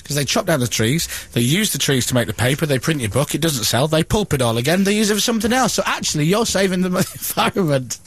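A man's voice: on the high side, animated, fairly bright tone, husky. A man hosting a morning radio show from a studio, teasing and joking. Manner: teasing, jokey, quick to mock. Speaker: radio host.

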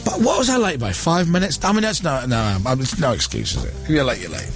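Brief: male radio host in his 40s, fairly high voice, lively self-mocking storyteller, faint music under him. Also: fast talker. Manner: self-deprecating, animated storytelling with acted-out quotes. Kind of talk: casual on-air chat.

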